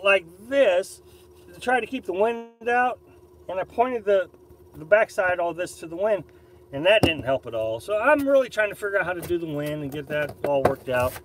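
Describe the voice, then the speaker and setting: Sitting in a camper at a beach campsite, a man from Missouri chats casually on a live stream and reads out viewer chat. He is rambling and opinionated, repeats and restarts, and speaks at normal speed in a high, expressive voice. There's slight background noise on a low-quality recording.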